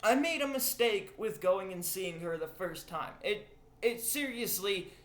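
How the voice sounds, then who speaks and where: Slow, rambling young man ranting. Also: high voice, expressive, fairly bright tone, reverberant. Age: young adult. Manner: rambling, profane, emotional. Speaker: vlogger. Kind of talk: confessional rant to camera.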